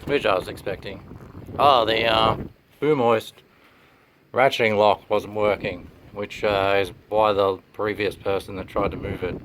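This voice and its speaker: A man giving a laid-back, halting walkthrough of an old machine, with many pauses and "uh"s, speaking into a handheld camera inside a running dragline cab. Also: fairly even intonation. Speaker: machinery restorer. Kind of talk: casual walkthrough narration. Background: faint engine rumble.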